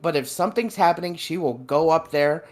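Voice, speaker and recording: A man's voice: a little high, a little fast, a little mellow. A man co-hosting a podcast in loose, casual chat, swearing and laughing as he talks about his father. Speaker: podcast co-host.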